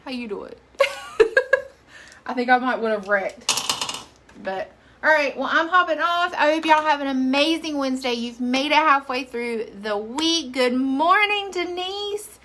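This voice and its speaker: A woman hosts a casual live stream. She chats freely, reads viewer comments out loud and laughs often. Her voice is bright and forward. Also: high voice, slight background noise. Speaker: makeup seller livestream host.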